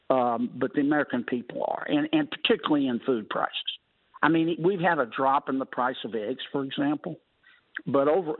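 A man's voice: mid-range voice, slightly rough, dry recording. A man, a senator guesting on a talk radio show, talking in a folksy, wry way with colorful sayings. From Louisiana. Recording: phone-line call-in.

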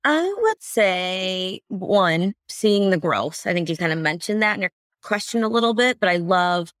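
A woman's voice: lowish voice, expressive, a little slow, fairly bright tone, dry recording, studio quality. A woman who works at a small business, chatting as a guest on a podcast and speaking upbeat and enthusiastically. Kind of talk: casual podcast chat.

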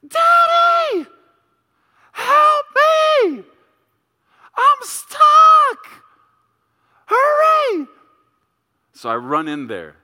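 A middle-aged male pastor preaching a sermon, telling a story and acting out voices with big jumps in pitch and volume. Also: sharp tone, clear, resonant tone, in a large hall.

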